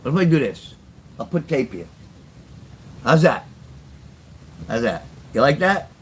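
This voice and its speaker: A man's voice: mid-range voice, sing-song, unhurried, slight background noise. Blunt older New man on a livestream. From New York. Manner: blunt, rambling, repeats himself. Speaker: livestream host and storyteller. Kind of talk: casual livestream chat with chat readers.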